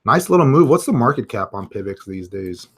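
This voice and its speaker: A man's voice: mid-range voice, big pitch swings, moderate pace, slightly rough. Chatty man hosting a crypto live stream. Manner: chatty, reads viewer comments aloud, thinks out loud with fillers. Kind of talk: casual live chart commentary.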